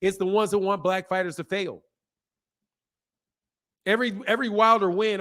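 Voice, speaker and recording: A man's voice: high-pitched, fairly even intonation, normal speed, long pauses, pushed and bright. A man hosting a boxing channel livestream, talking bluntly in a rambling, repetitive way with plenty of slang and reading chat messages aloud. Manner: blunt, rambling, repeats himself. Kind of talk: casual livestream commentary.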